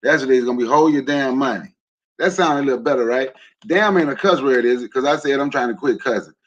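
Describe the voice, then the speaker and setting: A man's voice: medium pitch, fast talker, fairly bright tone. Male livestream host, middle-range voice, casual and rallying, slightly muffled stream audio. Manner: loose and conversational, jokes and asks the audience; emphatic, rallying. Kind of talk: casual livestream talk to a chat.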